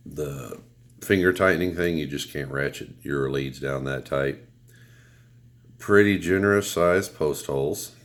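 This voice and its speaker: A man with a cold and a deep, announcer-like voice, giving a relaxed, rambling product review with blunt remarks and some swearing. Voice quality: deep radio announcer sound. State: has a cold.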